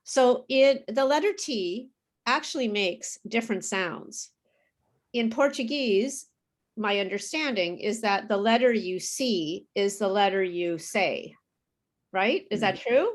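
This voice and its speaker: A woman tutoring English pronunciation over a video call, explaining slowly and patiently. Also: medium pitch, expressive. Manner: slow, careful teacher explaining with apologies and laughs. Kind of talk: online pronunciation lesson.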